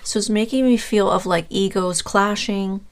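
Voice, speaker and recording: A woman giving a casual, rambling tarot reading, talking straight to her viewer and pausing with fillers as she searches for words. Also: mid-range voice, steady tone. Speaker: tarot reader.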